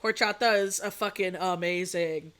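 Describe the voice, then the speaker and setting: A woman's voice: medium pitch, moderate pace, pushed and bright. A young adult woman streaming as a VTuber, chatting casually and rambling, swearing freely and laughing often. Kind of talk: casual chat.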